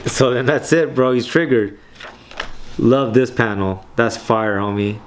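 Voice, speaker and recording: A man's voice: medium pitch, steady tone, measured pace, a little hiss or hum. A man hosting a comic book reading, talking casually with slang and swearing, often checking in with "right?". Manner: loose slangy talk, swears, keeps asking "right?". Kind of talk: casual commentary on comic panels.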